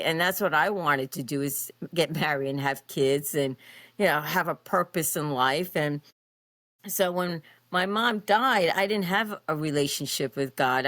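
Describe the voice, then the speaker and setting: A woman in her fifties, a podcast guest, telling her personal story in an expressive, animated way with frequent fillers. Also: sits low, no room sound.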